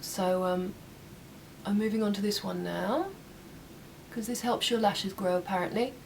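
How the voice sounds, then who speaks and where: A woman's voice: mid-range voice, measured pace, creaky, a little mellow. A young woman chatting casually through a makeup tutorial at home, making small asides as she works. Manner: chatty, talks while working, some asides. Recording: slightly distant mic, faint room noise.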